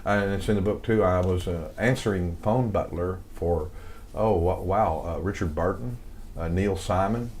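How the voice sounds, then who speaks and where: Deep-voiced older Southern man, rambling. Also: moderate pace, a little mellow, slight background noise. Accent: light Southern American. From American South. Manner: rambling, many fillers and restarts. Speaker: guest, songwriter and composer. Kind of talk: casual interview storytelling.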